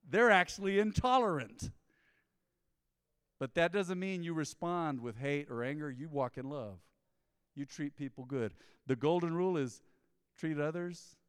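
A man's voice: a little high, measured pace, long pauses, clear, resonant tone, dry recording, studio quality, big-room sound. A male pastor, preaching a conversational sermon and acting out the people in his stories. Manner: animated storytelling, mimicking people in quoted asides. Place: church.

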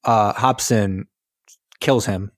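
On a podcast, a co-host with a fairly low voice talks slowly while casually retelling a war film. He acts out the characters' lines, swears and laughs in animated storytelling. The recording is clean studio sound with no room echo.

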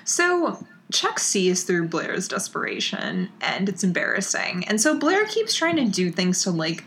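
A woman's voice: fairly low pitch, wildly swooping pitch, fairly bright tone, a little hiss or hum. An American woman recapping a TV episode in casual chat, laughing often and filling with "like". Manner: giggly, filler-heavy, drawn-out storytelling. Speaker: podcast co-host recapping a TV episode.

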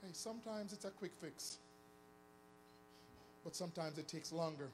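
A man preaching a sermon, swinging between sung, shouted emphasis and hushed asides. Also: high voice, normal speed, noisy background. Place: church hall. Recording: long church reverb with faint music.

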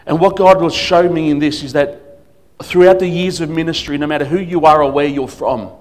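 A man's voice: fairly high pitch, fairly even intonation, brisk. A man preaching as a guest pastor, telling stories with humor and acting out what people said. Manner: storytelling with humor and acted quotes. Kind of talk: sermon.

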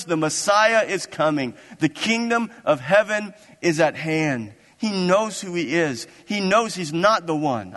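A man's voice: fairly high pitch, animated, measured pace, few pauses, a bit bright, in a large hall. A man preaching a sermon as pastor, impassioned and building into emphatic, repeated declarations.

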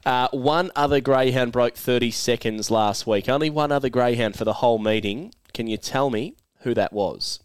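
A man's voice: mid-range voice, normal speed, few pauses, clear, resonant tone, no echo. Joking Australian man hosting a podcast. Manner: jokey, teasing, laughs often. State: feeling unwell. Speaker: podcast host. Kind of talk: casual chat and quiz hosting.

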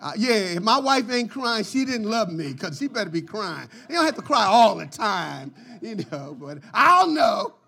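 A pastor preaching a sermon with passion, swinging from quiet lines to shouts and breaking into laughter and jokes. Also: male voice, high voice, very animated, moderate pace, creaky, few pauses, breathy edge.

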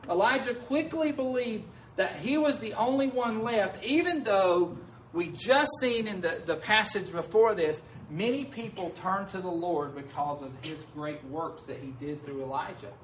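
High-voiced pastor in an echoey hall. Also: male voice, a little slow, slight background noise. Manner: conversational, keeps asking "right?". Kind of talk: sermon. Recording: echoey room heard from a distance.

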